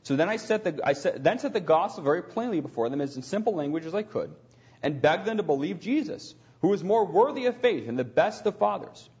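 A man's voice: high-pitched, big pitch swings, fairly quick, a little mellow, muffled recording. A man preaching a sermon, reading aloud from a book and breaking off into loose spoken asides. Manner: reads passages aloud, then adds loose asides with restarts.

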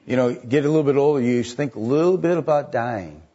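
An older man preaching a sermon, building to high, emphatic passages on scripture. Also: brisk, mellow, dull audio.

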